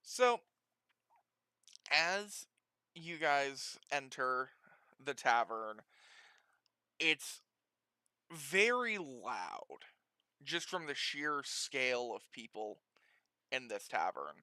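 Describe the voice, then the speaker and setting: Giggly, bright-voiced man running a tabletop game. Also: mid-range voice, very animated, very slow, long pauses, smooth, no room sound. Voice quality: rambling and giggly, laughs often. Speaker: game master.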